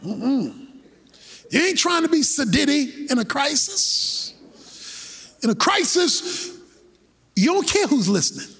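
A male preacher delivering a sermon in an animated, colloquial style, breaking into shouted bursts. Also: very high voice, takes it slowly, vocal fry, pauses often.

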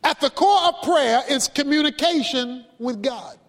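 A man preaching a sermon, emphatic, with dramatic pauses and vivid stories. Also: very high voice, a bit bright, in a large hall. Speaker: pastor.

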